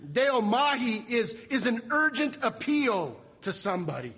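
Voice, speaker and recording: A man's voice: very high-pitched, sing-song, unhurried, fairly bright tone, breathy edge, long reverb tail. A man preaching a sermon as pastor, earnest and repeating his key phrases. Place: church sanctuary.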